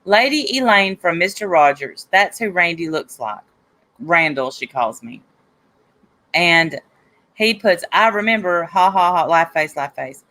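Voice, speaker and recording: A woman's voice: lowish voice, animated, unhurried, pushed and bright. A woman hosting a live stream, casually retelling an online argument and reading the comments aloud. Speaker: host of a live stream show.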